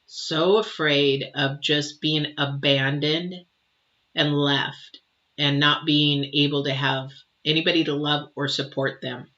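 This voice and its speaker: A woman's voice: deep voice, steady tone, slow, a bit bright. A woman giving a live tarot reading and answering viewers, emotive and chatty with many fillers and restarts. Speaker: tarot reader. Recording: dull lo-fi sound.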